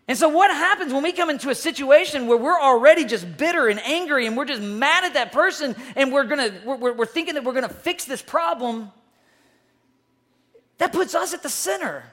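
A woman's voice: high-pitched, expressive, moderate pace, fairly bright tone. A woman youth pastor giving an evening sermon in a casual, conversational way, often restarting phrases and acting out quoted voices. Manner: acts out quoted voices to make points.

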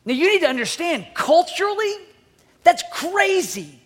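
A man preaching a sermon, swinging between loud urging and hushed near-whispers, often repeating words as he restarts phrases. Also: very high voice, sing-song, normal speed. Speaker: pastor.

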